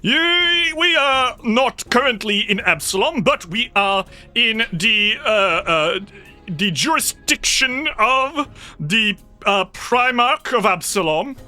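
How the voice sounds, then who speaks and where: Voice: mid-range voice, lively intonation, takes it slowly, soft background music, pitched above the performer's own voice, exaggerated voice. A game master doing a pompous armored lawman. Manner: officious, stammering, cites legal codes; loud and commanding. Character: pompous armored male agent of the law.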